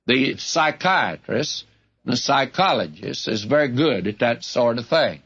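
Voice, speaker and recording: Guy doing bible teaching, folksy and wry, husky voice, mid pitch, muffled old radio sound. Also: animated, measured pace, a bit bright. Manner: folksy, plain-spoken, wry asides. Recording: dull lo-fi radio broadcast recording.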